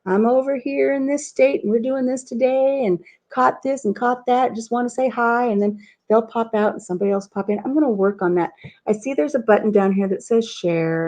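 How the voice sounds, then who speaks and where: A woman's voice: mid-range voice, mellow. A middle-aged woman hosting a casual live stream from home, rambling through stories, reading viewer comments aloud and laughing at her own tales. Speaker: host of a live chat stream.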